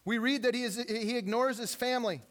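A man's voice: very high voice, fairly quick. A man preaching a sermon, retelling stories with humor and acting out the quotes. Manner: lively storytelling, acts out quotes with humor. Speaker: pastor.

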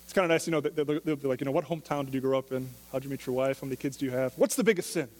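A man's voice: medium pitch, very fast, a little mellow. Preaching man in a reverberant hall. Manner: conversational preaching with rhetorical questions. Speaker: pastor. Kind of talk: sermon.

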